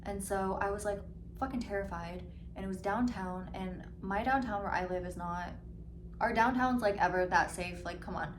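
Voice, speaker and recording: A woman in her twenties ranting casually in a storytime vlog, full of "like" and swearing, mimicking other people in quick asides. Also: mid-range voice, a little hiss or hum. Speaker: vlogger. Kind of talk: mukbang storytime rant. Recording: slightly echoey room with faint ambience.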